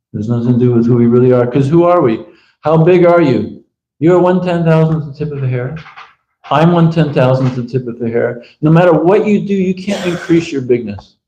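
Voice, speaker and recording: A man's voice: on the high side, mellow, echoey room, highs cut off. A man giving a casual, conversational sermon as a visiting preacher, acting out bits of dialogue as he talks. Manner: conversational, acts out dialogue in quick asides. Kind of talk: informal sermon. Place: temple room.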